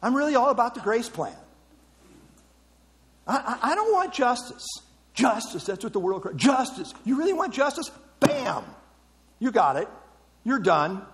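High-voiced preacher in a reverberant hall. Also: male voice, sing-song, moderate pace, pauses often, fairly bright tone. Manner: emphatic, rhetorical questions, repeats words. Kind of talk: sermon.

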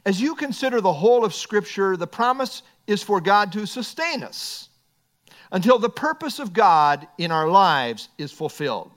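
Man preaching, high voice, very lively pitch, emphatic with quiet asides. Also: moderate pace. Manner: expressive, swings between emphatic and quiet asides; quotes scripture, light humor. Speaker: pastor. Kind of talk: sermon.

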